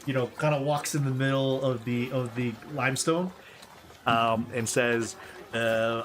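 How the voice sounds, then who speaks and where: A man's voice: medium pitch, steady tone, measured pace, noisy background. A man narrating a tabletop game as game master, casual and laughing often. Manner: casual, laughing, hesitant with fillers.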